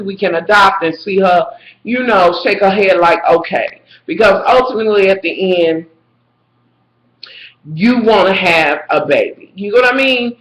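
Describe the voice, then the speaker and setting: A woman in a casual vlog, reviewing a reality show with sassy, profane, animated rants and frequent shouting. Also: mid-range voice. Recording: echoey room.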